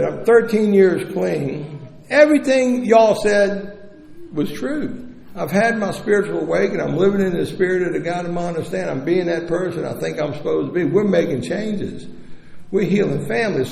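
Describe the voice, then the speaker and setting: A man's voice: fairly high pitch, creaky, darkish tone. A middle-aged man at a recovery convention telling his personal story in a blunt, profane and candid way, speaking into a podium microphone. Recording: echoey hall with long reverb.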